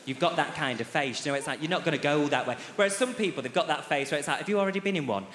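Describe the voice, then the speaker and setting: A man, doing a stand-up routine on a theatre stage with animated, camp storytelling and sharp asides. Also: fairly high pitch, quick pace, background noise. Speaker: stand-up comedian. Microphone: handheld stage mic. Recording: roomy live theatre sound. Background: audience laughter.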